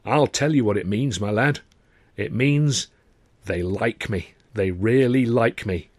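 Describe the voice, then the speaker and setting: A man reading an audiobook, voicing a jovial older college porter who boasts warmly about his son. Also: lowish voice, measured pace, no echo. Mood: self-satisfied. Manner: boastful, hearty, warmly proud. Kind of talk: audiobook character voice.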